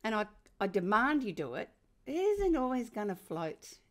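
An older woman with an Australian accent, speaking as a guest in a podcast conversation, telling stories with lively emphasis. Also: on the high side, a little slow. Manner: animated, emphatic storyteller. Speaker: parenting author and guest.

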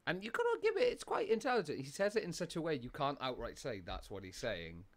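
Rambling British podcast host. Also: male voice, a little high, huge pitch swings, fast talker. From United Kingdom. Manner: rambling, goes off on tangents, laughs often. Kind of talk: casual chat.

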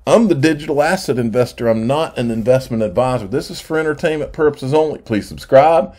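A man's voice: medium pitch, expressive, brisk, darkish tone. A man hosting his own channel, talking through on-screen items in a loose, conversational way and correcting himself as he goes. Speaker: crypto channel host. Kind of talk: casual screen-share commentary.

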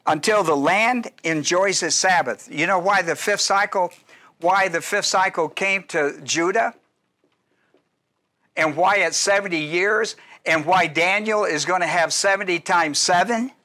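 A man in middle age teaches scripture to a class in a loose, talky lecture, circling back and checking in with his listeners. His voice sits a bit high for a man and has a bright, forward edge. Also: a little slow. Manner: conversational teaching with asides and restarts. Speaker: pastor. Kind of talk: Bible study lecture.

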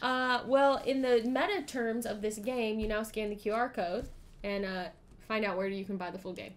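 A woman's voice: on the high side, fairly even intonation, moderate pace. A woman streaming a game, reading the entries aloud and chatting playfully with her co-player. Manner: playful, giggly, breaks into song. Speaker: streamer running a solo-style game. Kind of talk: reading a gamebook aloud with casual chat. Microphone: streaming microphone.

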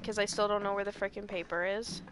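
A woman streaming a game live, excitable and shouty, swearing often. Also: mid-range voice, fast, over music. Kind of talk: live gameplay chat.

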